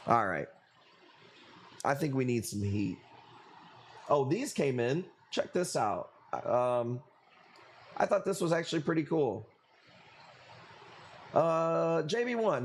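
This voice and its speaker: A man whose voice sits a little high runs a live coral auction stream, joking around with viewers, cursing freely and calling out the bids. Slight background noise can be heard.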